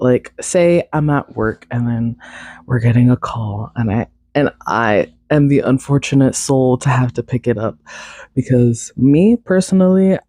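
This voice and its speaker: A young woman talks on her own podcast in a raspy voice that still sounds congested from a recent cold. Her tone is mellow and low in brightness, and she rambles on with lots of fillers and self-deprecating asides. The recording is dry and close. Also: no echo. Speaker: podcast host. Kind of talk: casual solo chat.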